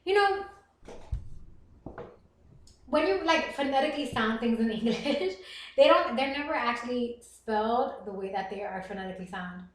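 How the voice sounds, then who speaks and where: A woman streaming live, chatting casually with viewers and reading their comments aloud, animated and quick to laugh. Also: on the high side. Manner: animated, laughs often, reads chat aloud. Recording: roomy echo.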